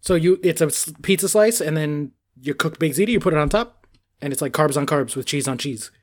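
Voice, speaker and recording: Animated New man, casual chat. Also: on the high side, fairly quick. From New York. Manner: animated, laughing, swears freely.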